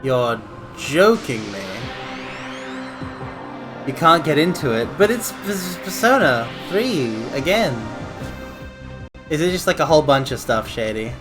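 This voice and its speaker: A man streaming a video game, rambling casually and breaking into quick exclamations. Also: a little high, sing-song, over music. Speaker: livestreamer playing a video game. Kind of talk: casual gameplay commentary.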